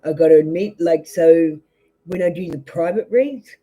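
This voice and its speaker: Blunt Australian woman with a mellow voice. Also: fairly low pitch, moderate pace, poor audio. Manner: blunt, rambling, many fillers and restarts. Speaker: tarot reader. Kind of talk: live-streamed tarot reading, casual talk to viewers.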